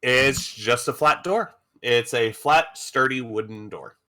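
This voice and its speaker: A man running a tabletop game as game master, with a bright, sharp edge to his voice. He narrates scenes at a middle pitch and drops in quick playful asides.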